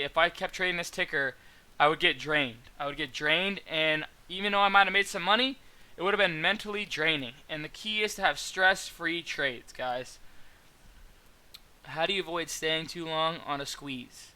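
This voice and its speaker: A young man with a bright, smooth, clear voice, pitched a little above the usual for a man. He talks his viewers through his trades casually, rambling with plenty of fillers and restarts. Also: moderate pace. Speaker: stock trading mentor.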